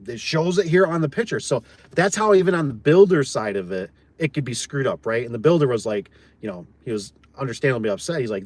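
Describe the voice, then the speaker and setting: A man's voice: medium pitch, animated, brisk, no echo. A man who runs a garage door business, telling a job story in a rambling, blunt, folksy way and often repeating his words. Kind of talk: casual storytelling chat.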